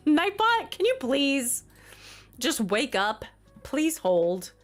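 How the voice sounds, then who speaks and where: A woman's voice: sits high, big pitch swings, extremely slow, soft background music. A woman streamer chatting casually on a livestream, flustered, exasperated and apologetic.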